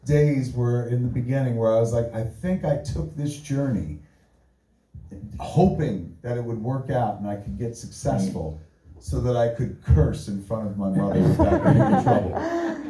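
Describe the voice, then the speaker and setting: A man hosts a live podcast onstage, spinning animated, cuss-heavy stories in a relaxed, mellow voice. The mic sits well back, and the venue echoes around him. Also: medium pitch, moderate pace, distant mic. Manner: profane, animated storyteller. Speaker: podcast host. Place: live stage before an audience.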